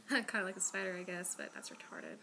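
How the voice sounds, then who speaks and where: Bright-voiced woman rambling casually. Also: lowish voice, huge pitch swings, moderate pace, creaky, a little hiss or hum. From Florida. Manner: rambling, filler-heavy, self-deprecating. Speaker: vlogger. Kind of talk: casual chat to camera.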